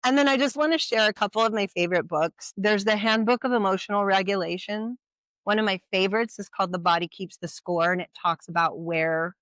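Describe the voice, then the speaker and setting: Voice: medium pitch, a bit bright, clean tone, dry recording. Chatty workshop presenter, dry close sound. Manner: conversational, with frequent rhetorical questions and audience check-ins. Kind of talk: informal educational talk. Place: community event at a brewery.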